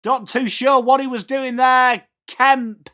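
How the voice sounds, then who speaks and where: With an extremely high, level voice that sounds pushed and bright, this middle-aged English host takes things slowly. He has an English accent and leads a live football watchalong, chatting to viewers by name, reading their messages aloud and calling the game as it goes.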